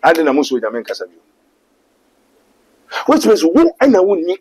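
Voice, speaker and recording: Ghanaian male preacher, animated delivery with a husky edge, leads a call-and-response. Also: on the high side, moderate pace, pauses often, poor audio. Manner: emphatic, quotes scripture, mixes English and Twi.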